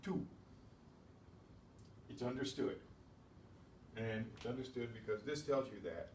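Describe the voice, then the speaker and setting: A man's voice: medium pitch, measured pace. A man teaching a beginners' language class, explaining patiently and answering his own questions. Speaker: Spanish teacher. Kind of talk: classroom lesson. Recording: echoey room, distant mic, faint noise.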